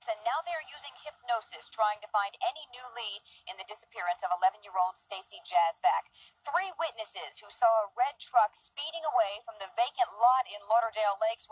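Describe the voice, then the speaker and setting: A woman playing a TV news reporter, reading a report in a crisp, formal news delivery. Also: on the high side.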